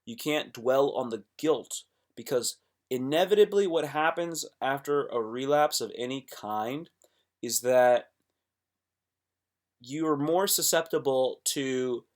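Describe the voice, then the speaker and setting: Young male streamer giving an animated motivational talk that swings from quiet to loud. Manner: animated, swings between low murmurs and loud exclamations; acts out quoted voices. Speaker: live streamer. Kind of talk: casual motivational monologue.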